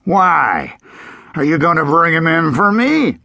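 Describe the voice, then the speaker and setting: Guy doing a grumpy old sheriff, growly and mocking, husky, pitch all over the place. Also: very animated, slow pace, sharp tone, no echo, studio quality, heavily acted. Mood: scornful. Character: gruff old male frontier sheriff, scornful. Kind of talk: audiobook character voice.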